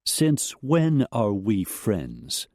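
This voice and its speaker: A man's voice: medium pitch, lively intonation, unhurried, mellow, no echo, studio quality, pitched above the performer's own voice, close to an everyday voice. A man voicing a cold, clipped widowed woman who owns a ranch.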